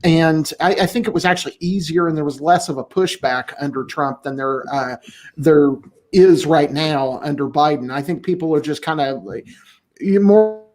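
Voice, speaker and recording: A man hosting a casual podcast discussion, talking in a blunt, profane and animated way. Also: fairly high pitch. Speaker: podcast host.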